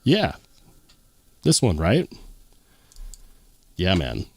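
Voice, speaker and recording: A man's voice: sits low, drawn-out words, gravelly, no room sound. A man hosting a casual livestream, reading viewer comments aloud and chatting as he goes. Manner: lively, chatty, muses aloud. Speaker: host.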